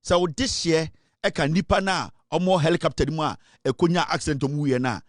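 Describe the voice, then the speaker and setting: Ghanaian guy ranting about politics, kinda high voice, super dry mic. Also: fast, no room sound. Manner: forceful, switching between English and Twi. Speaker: online political commentator. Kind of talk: political commentary monologue.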